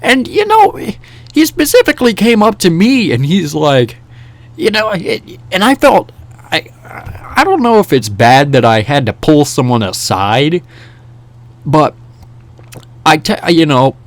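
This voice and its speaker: A young man telling a casual story in a rambling, animated way, with many restarts and fillers. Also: a little high, a little slow, dry recording. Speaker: vlogger. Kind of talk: casual storytelling over gameplay.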